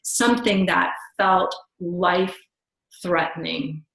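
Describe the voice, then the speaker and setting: A middle-aged woman, a podcast guest, shares personal stories in conversation with a lowish, slow, creaky voice that is fairly bright in tone. Earnest and reflective, she often restarts her sentences, and the recording has a roomy echo.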